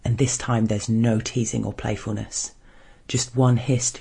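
A man reading an erotic first-person story in a hushed, measured narration. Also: mid-range voice, little pitch movement, gravelly, slightly rough.

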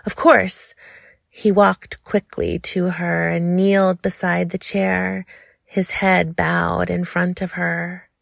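Woman, audiobook narrator, sensual story, slow measured reading, gravelly, dry close sound. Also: on the low side, no room sound.

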